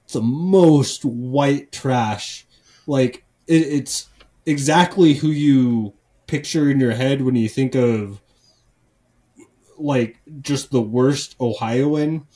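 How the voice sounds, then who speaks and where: A man's voice: medium pitch, takes it slowly, warm tone. A man on a casual comedy podcast, ranting profanely and rambling with lots of false starts. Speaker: podcast co-host.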